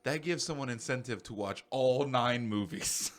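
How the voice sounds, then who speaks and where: Young male podcast co-host, casual, excitable rambler, mid-pitched, swears a lot. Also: normal speed.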